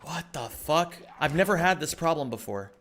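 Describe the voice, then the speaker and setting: A man's voice: fairly high pitch, animated, normal speed, a bit bright, a little hiss or hum. A man streaming live, chatting casually with his viewers, greeting them by name and swearing freely as he plays.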